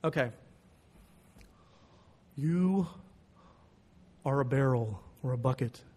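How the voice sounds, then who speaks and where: A man voicing an elderly Dutch professor whose big, slow voice is unusual after a voice box problem, teasing as he holds back answers. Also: medium pitch, a little mellow, long reverb tail. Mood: lecturing.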